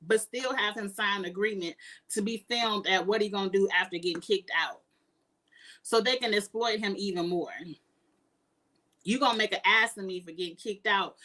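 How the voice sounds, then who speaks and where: A woman's voice: medium pitch, sharp tone. A woman giving outspoken, emphatic casual commentary as a reality TV reviewer.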